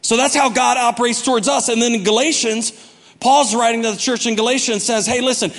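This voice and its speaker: A man's voice: extremely high pitch, fairly even intonation, a little fast, a bit bright, big-room sound. A man preaching a sermon as pastor, talking to the congregation in a conversational way and acting out quotes.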